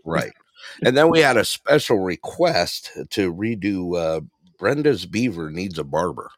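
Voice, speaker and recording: A man's voice: low-pitched, sing-song, a little slow, no room sound, studio quality. A man hosting a variety show, chatting loosely with co-hosts and laughing often. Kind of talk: casual banter reading joke books aloud.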